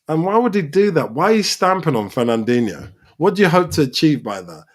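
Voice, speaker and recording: A man's voice: on the high side, a little fast, few pauses. A man hosting a live football reaction, talking over the match and calling out the players. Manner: excitable, shouts at players on screen.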